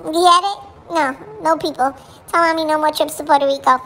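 A woman's voice: fairly even intonation, fairly quick, slight background noise. A woman voicing a small, jealous, dramatic female chihuahua who chats away and switches between English and Spanish. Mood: complaining. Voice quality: very high, bright dog voice.

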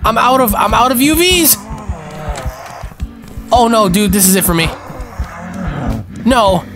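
Excitable high-voiced young man gaming. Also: a little slow, over music. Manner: excitable, panicky yelps and frequent slang. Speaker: gaming streamer. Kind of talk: live gameplay commentary.

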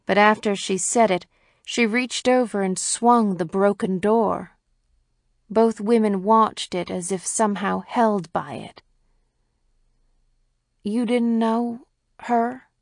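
A woman narrating a classic short story as an audiobook reader, in a measured, even storytelling manner. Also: mid-range voice, vocal fry, no room sound, clean studio sound. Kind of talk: scripted narration.

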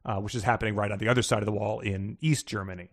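A man's voice: lowish voice, fairly even intonation, racing. A man co-hosting a casual book podcast, rambling through plot summaries with frequent restarts and laughter. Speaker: podcast co-host.

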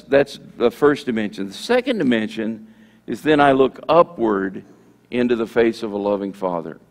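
A man preaching to his congregation, his mid-pitched voice carrying a gravelly fry. He keeps it conversational, repeating his points and acting out example prayers. The sound rings with the long reverb of a church hall. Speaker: pastor. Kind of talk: sermon. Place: church sanctuary.

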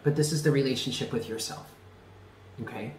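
A man's voice: mid-range voice, a little fast, roomy sound, slight background noise, low-quality recording. A man giving a tarot reading, speaking earnestly and stressing points by repeating them. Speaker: tarot reader.

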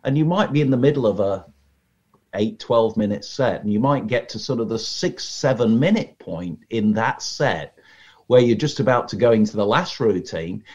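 A man talks shop on a podcast in a medium-pitched voice, telling stories with animated asides that mimic audience reactions. The audio is a little dull and lo-fi. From Britain. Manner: chatty, animated storyteller who acts out audience reactions. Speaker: magician guest. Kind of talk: casual podcast conversation. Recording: slightly muffled lo-fi audio.

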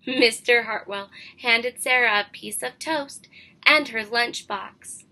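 Bright, slow storybook-reading woman teacher. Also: fairly high pitch. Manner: expressive, gently questioning. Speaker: kindergarten teacher. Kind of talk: picture-book read-aloud for young children.

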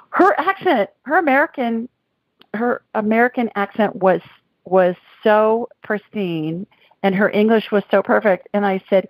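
A woman's voice: medium pitch, animated, unhurried, no room sound, poor audio. A woman from Alabama, chatting with callers as the psychic host of a call-in show. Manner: chatty, warm-hearted, laughs often. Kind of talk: call-in radio chat.

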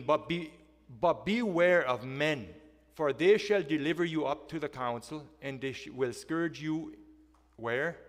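A man preaching a sermon, asking his congregation questions and swinging between loud and soft delivery. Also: a little high. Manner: emphatic, asks the congregation questions. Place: church hall. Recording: long reverb of a church hall.

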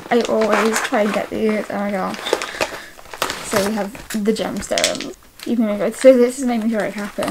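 A young woman vlogging as she opens her mail, gushing and excitable, with a lot of "oh my gosh". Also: medium pitch, background noise. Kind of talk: casual mail-opening vlog.

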